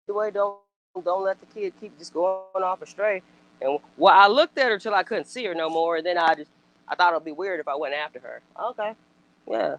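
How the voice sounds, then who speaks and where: On a rough recording, a woman whose voice sits on the low side chats casually as a commentator reacting to things. Her style is blunt and forceful: lots of swearing, rhetorical questions, and animated outbursts.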